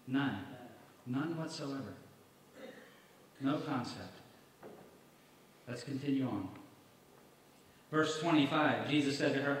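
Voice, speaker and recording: A male evangelist preaching and reading scripture, stressing points with rhetorical questions to his listeners. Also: medium pitch. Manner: emphatic, rhetorical questions to the congregation. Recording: very echoey hall, mic far off, faint noise.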